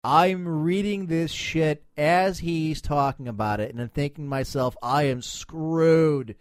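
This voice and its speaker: A man's voice: on the high side, normal speed, smooth, soft background music. A man hosting a podcast panel, reading news aloud and mocking it with sarcasm. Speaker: podcast host. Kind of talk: casual panel chat.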